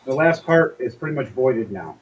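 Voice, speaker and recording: A man's voice: medium pitch, animated, normal speed. A man narrating as game master in casual, profane table talk. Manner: casual, swears freely, voices figures briefly. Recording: slightly dull lo-fi audio, faint hiss.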